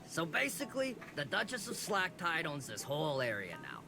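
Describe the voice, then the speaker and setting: A man's voice: fairly high pitch, wildly swooping pitch, moderate pace, creaky, full character voice. An actor playing a curt, officious male crab tax collector in a video game. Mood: officious, impatient. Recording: game audio with loud music.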